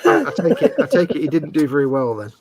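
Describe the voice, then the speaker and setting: A man's voice: a little high, wildly swooping pitch, quick pace, noisy background. A British man co-hosting a casual live stream, joking and laughing often. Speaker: co-host.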